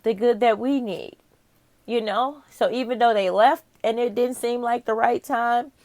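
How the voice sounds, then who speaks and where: A woman's voice: on the high side, steady tone, unhurried, a little mellow, no room sound. A woman doing a casual tarot reading, talking straight to the viewer, candid and profane, musing aloud. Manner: candid and profane, with frequent laughs. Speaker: tarot reader.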